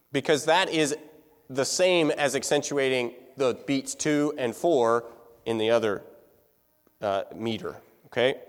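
A man's mid-range voice carries a long reverb tail as he teaches music to a roomful of listeners. The classroom lecture is casual, and he talks with them conversationally and poses questions.

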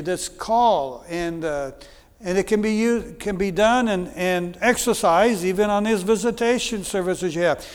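A man's voice: high voice, clean tone. A middle-aged American man preaching a sermon as a guest speaker, earnest and repetitive, with frequent fillers. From United States. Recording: long hall reverb.

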